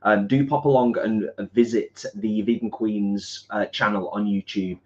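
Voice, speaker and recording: A man with a lowish voice reads out viewer comments on a live kitchen stream. He keeps things upbeat and chatty. The audio is dull and lo-fi. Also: steady tone, measured pace, darkish tone. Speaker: co-host reading chat messages. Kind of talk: casual chat. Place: home kitchen. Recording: dull lo-fi sound.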